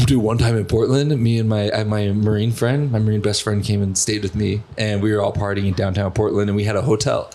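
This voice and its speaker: A man's voice: on the low side, fairly even intonation, a little fast, hardly any pauses, warm tone, slight background noise. A young man hosting a podcast, telling stories in a rambling, profane way full of fillers. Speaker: podcast host. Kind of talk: casual podcast chat.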